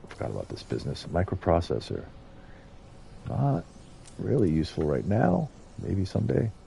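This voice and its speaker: Gravelly low-voiced man streaming a game. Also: wildly swooping pitch, normal speed, warm tone, slight background noise. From United States. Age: middle-aged. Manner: rambling, thinks aloud, chats to viewers. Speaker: gaming streamer. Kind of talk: casual gameplay commentary.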